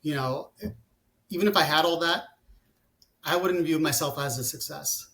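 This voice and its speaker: A man's voice: a little high, moderate pace, fairly bright tone. Man in his forties, rambling chat. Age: 40s. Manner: rambling, many fillers and restarts. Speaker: guest, company founder. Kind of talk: casual interview conversation.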